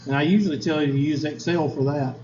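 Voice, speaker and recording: A man with a slightly high voice teaches a statistics class, folksy and chatty, tossing questions at his students. The sound is echoey and a bit dull, recorded in a classroom with faint background noise. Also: fairly even intonation, fast, mellow. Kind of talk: classroom lecture.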